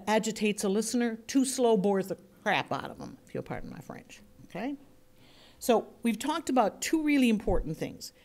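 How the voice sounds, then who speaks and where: A woman's voice: medium pitch, darkish tone. Chatty woman teaching a voice workshop. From United States. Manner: chatty, demonstrative, shifts pace and inflection to illustrate points. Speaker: voice and speaking workshop instructor. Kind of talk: workshop lecture to a group.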